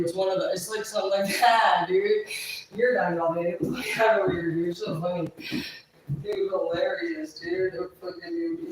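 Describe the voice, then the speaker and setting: A woman with a fairly low voice livestreams a rambling, profane monologue that keeps trailing off and starting over. The recording is very echoey, with her voice far from the mic and a little hiss or hum underneath.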